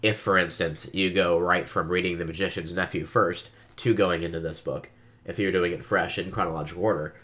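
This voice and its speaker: Deep, sharp-voiced man chatting casually. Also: steady tone, a little fast. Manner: chatty, frequent listener backchannels. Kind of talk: casual book discussion.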